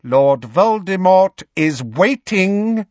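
A man voicing a cruel male dark wizard in a high, cold voice empty of kindness, speaking slowly and with menace. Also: expressive, no room sound, full character voice. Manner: slow, menacing, drawn-out. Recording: dull lo-fi recording.

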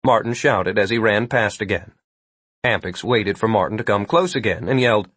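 Guy reading an audiobook, husky voice, dry close sound, wry delivery. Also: medium pitch, normal speed, a bit bright, dry recording. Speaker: narrator. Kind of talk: audiobook narration.

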